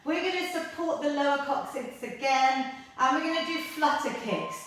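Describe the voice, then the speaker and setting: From the mat, a woman leads a workout at a moderate pace, breathless but encouraging as she does the exercises too. Her voice sits high with a fairly bright tone, and the distant mic catches plenty of room echo.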